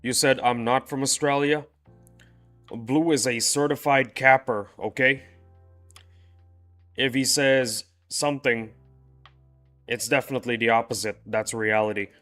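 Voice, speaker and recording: A man's voice: mid-range voice, fairly even intonation, unhurried, long pauses, a bit bright, faint music behind. A man livestreaming a game, chatting casually with his viewers in a playful, rambling, teasing way. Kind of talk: casual chat with live viewers.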